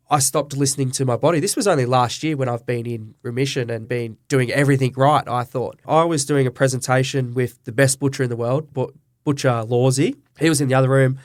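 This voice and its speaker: A man's voice: mid-range voice, no room sound. Middle-aged Aussie man, earnest guest storyteller, dry close sound. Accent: Australian. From Australia. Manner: earnest, emotional storyteller who acts out quoted dialogue. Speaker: guest, butcher and business owner. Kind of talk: candid storytelling interview.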